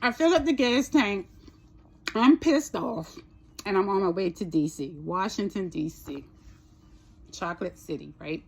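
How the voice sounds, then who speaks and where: A woman's voice: mid-range voice, unhurried, creaky, pauses often, slightly rough. A woman vlogger casually telling a personal story, chatty, swearing a little and asking "right?" often.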